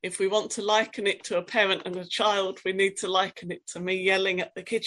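A woman preaching a sermon, reflective and questioning, reading scripture in a quiet, dramatic voice. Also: mid-range voice, flat delivery, a little fast, hardly any pauses.

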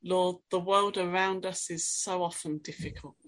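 A woman's voice: lowish voice, steady tone, normal speed. Reflective woman preaching a sermon. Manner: reflective, questioning, with quiet dramatic readings.

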